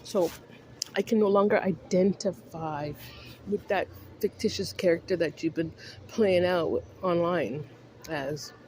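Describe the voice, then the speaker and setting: A Canadian woman whose accent carries Jamaican undertones rants casually to the camera while snacking on chips, rambling, using lots of fillers and repeating "I'm just saying." Her voice is fairly low and dark, her pace measured, with a bit of hiss or hum in the recording.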